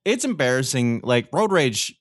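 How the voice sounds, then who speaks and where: A man co-hosting a casual podcast, making unhurried, wry remarks. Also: medium pitch, sing-song, no echo, clean studio sound. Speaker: podcast co-host.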